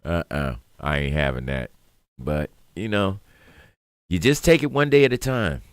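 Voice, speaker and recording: A man with a Detroit accent co-hosting a talk radio show, speaking in streetwise slang and growing loud and emphatic. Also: low voice, unhurried, clean tone, dry recording, clean studio sound. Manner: animated, rising to loud emphatic rants; streetwise slang, laughs through hard talk. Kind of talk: casual talk radio monologue.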